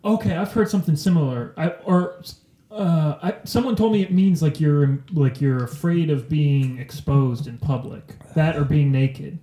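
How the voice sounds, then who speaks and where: A man's voice: on the high side, moderate pace, mellow. A man in casual chat, laid-back, mostly short reactions and some swearing. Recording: echoey room.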